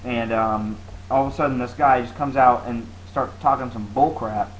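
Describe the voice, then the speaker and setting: A man's voice: mid-range voice, fairly even intonation, moderate pace, slight background noise, rough recording. A man co-hosting a casual chat show, telling stories with lots of restarts and filler words. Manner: rambling storyteller, many restarts and fillers. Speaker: podcast co-host.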